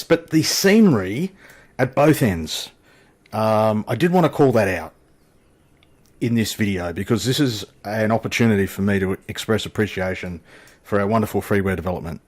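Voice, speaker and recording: A man's voice: fairly low pitch, lively intonation, normal speed, darkish tone. An Australian man hosting a flight simulator channel, chatting casually and joking through his gameplay commentary. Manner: chatty, joking, self-deprecating. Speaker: flight sim channel host.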